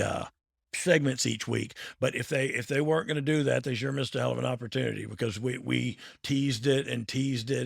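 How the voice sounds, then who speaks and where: A man's voice: mid-range voice, gravelly, breathy edge, no echo, clean studio sound. A man, a former wrestler and podcast host telling stories in a loose, playful way and laughing often. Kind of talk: casual storytelling chat.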